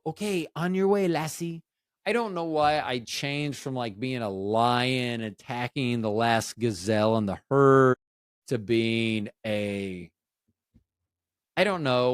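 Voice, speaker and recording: Podcast host, man in his fifties, rambling and self-interrupting, jokey, mid-pitched, dry close sound. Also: smooth, no echo. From Tampa Bay, Florida, USA. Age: 50s. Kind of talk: casual solo chat.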